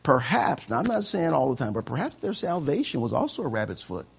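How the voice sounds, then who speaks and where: A man preaching a sermon as pastor, animated and acting out conversations. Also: on the high side, brisk, creaky, faint music behind.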